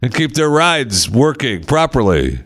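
A man's voice: mid-range voice, measured pace. An American man hosting a podcast, chatting casually and acting out stories with sound effects. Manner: animated storyteller, acts out scenes with sound effects. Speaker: podcast host. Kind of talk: casual chat.

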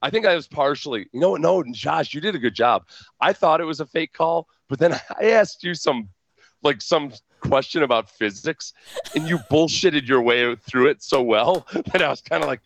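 A man's voice: fairly high pitch, expressive, normal speed, vocal fry, a bit bright, dry recording. A male guest chatting casually, chuckling, self-deprecating and rambling. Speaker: guest, radio host. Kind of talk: casual podcast chat.

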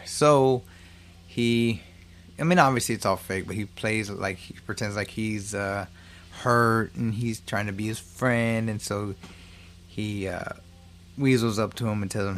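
A man's voice: on the low side, steady tone, a little slow, a little hiss or hum. Man swearing through a casual movie recap. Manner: loose, profane storytelling with frequent restarts.

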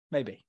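A man hosting a casual podcast banter session over a video call, rambling and laughing often. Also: no echo. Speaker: podcast host.

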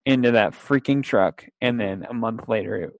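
A man's voice: medium pitch, moderate pace, dry recording. A young man telling a long casual story with restarts and quotes, in a dry, close recording. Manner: rambling, with restarts, laughs and acted-out quotes.

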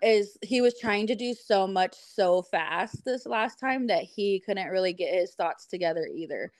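A woman guesting on a podcast tells a story in casual, chatty fashion, using lots of fillers. Her voice is medium-pitched and her pace measured, with no room sound.

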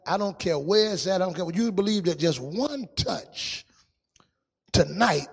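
A man preaching a testimony sermon in a sing-song style, dropping to a hush and rising to shouts. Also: high voice, animated, unhurried, creaky, slightly rough, in a large hall.

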